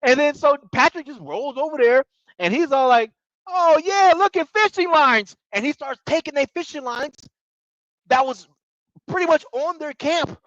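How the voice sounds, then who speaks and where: A man recapping a reality show in casual commentary, talking excitably in slang and tripping over his words. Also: extremely high pitch, normal speed, no echo, dull audio. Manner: excitable, slangy, repeats bro, stumbles.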